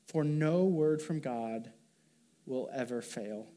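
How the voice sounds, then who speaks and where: A man's voice: medium pitch, takes it slowly, mellow. A man preaching a sermon as pastor, talking in an earnest, conversational way with fillers and restarts.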